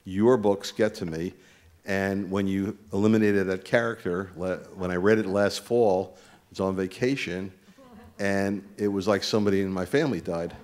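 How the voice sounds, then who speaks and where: A man's voice: deep voice, fairly even intonation, normal speed, a little mellow. A man from New Jersey speaking from the audience at a book event, earnest and rambling, with many fillers. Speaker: audience member.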